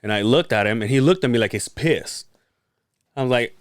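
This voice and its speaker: A man's voice: on the low side, fairly quick, dry recording, clean studio sound. A man co-hosting a podcast, telling a story in casual chat, swearing and acting out what people said. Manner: profane, animated storytelling with acted-out quotes. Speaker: podcast co-host.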